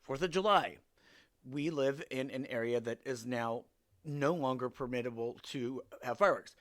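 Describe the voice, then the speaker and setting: A man's voice: medium pitch, moderate pace, a bit bright. A man hosting a podcast, telling stories about his neighbors in a wry, exasperated way and acting out their lines. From Seattle area. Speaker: podcast host. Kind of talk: casual storytelling.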